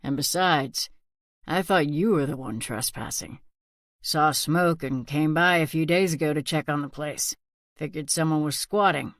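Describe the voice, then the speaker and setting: A woman voicing a blunt, wary rural male hunter in a whispered role-play storybook reading, quiet and firm. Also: deep voice, measured pace, dry recording, clean studio sound.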